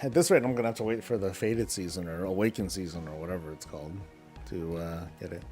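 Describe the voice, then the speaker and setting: Male streamer, lowish voice, loose rambling chat with viewers, faint music bed. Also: fast, darkish tone. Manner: rambling, answers chat between in-game moves. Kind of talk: casual live-stream chat while gaming.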